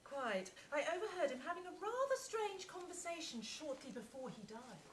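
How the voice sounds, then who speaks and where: A woman playing a prim high-voiced witness. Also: big pitch swings, normal speed, slight background noise. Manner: prim, then melodramatic dying cries. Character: prim young female murder witness.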